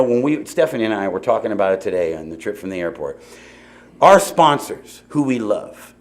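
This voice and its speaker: Man telling a recovery story. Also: medium pitch. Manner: conversational storytelling with asides and repeated "you know". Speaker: AA meeting speaker. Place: meeting hall before an audience.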